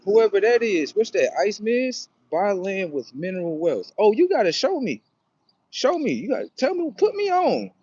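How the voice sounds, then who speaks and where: A young man livestreaming outdoors near a street on his phone, rambling casually and profanely, with sudden loud excited bursts. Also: extremely high pitch, normal speed, dull audio, slight background noise. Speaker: livestream host.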